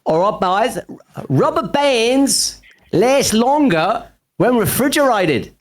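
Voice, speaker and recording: A man's voice: very high-pitched, sing-song, slow, voice pushed up, exaggerated voice. A man putting on an exaggerated Australian accent as a cheery, joking bloke reading out a silly fact. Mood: playful. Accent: put-on Australian.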